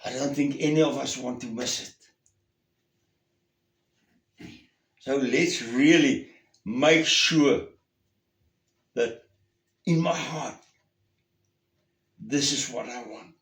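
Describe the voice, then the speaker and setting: A man preaching a sermon, earnest and emphatic, at times raising his voice and at times dropping to a hushed tone. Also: mid-range voice, takes it slowly, long pauses, reverberant. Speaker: pastor.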